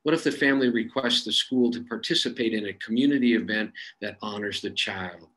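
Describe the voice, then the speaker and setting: An earnest man answering audience questions on a video call. His voice sits fairly low, and he talks plainly, with many fillers and restarts as he thinks aloud. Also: fairly quick, a bit bright, rough recording. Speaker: suicide prevention expert answering audience questions. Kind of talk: webinar Q&A, conversational.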